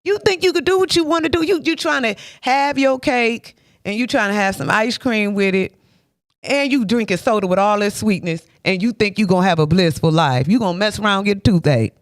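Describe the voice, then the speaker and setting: A woman's voice: medium pitch, fairly quick, no room sound. Woman, motivational faith speaker, emphatic preacher cadence, dry close sound. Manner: emphatic, repetitive, preacher-like with rhetorical questions; laughs often between points.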